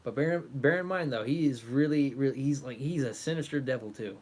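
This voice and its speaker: Man softly coaxing his cat on stream. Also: mid-range voice, a little fast. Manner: coaxing, affectionate pet talk. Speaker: livestream host. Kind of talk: casual livestream chat.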